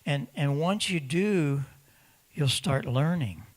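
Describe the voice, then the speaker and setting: At a ham radio symposium, a man presents emphatically to an audience of ham radio operators in a conference room, repeating words for stress and imitating other hams' voices. His voice is on the high side, slow, with lively intonation.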